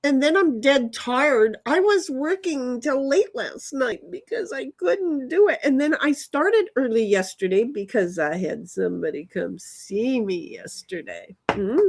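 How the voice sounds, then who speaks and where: Lady rambling into her phone outside, chatty, keeps restarting, gets squeaky when excited. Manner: chatty, meandering, many restarts and sudden excited jumps in pitch. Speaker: vlogger. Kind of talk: rambling casual monologue. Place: outdoors in a yard.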